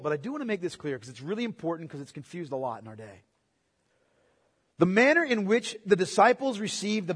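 A man's voice: a little high, breathy edge. A male pastor preaching a sermon with emphatic rhetorical questions and repetition. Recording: long hall reverb.

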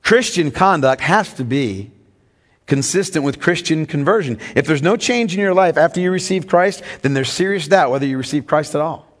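Emphatic high-voiced male preacher. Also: expressive, moderate pace, in a large hall. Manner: emphatic, teaching, asks congregation questions. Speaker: pastor. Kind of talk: sermon.

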